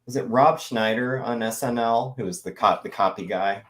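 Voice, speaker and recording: A man from the American West chats casually as a guest voice actor. He tells long, rambling anecdotes with lively energy, and his voice sits at an ordinary middle pitch. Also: moderate pace, poor audio. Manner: rambling, animated storyteller. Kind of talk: casual podcast chat.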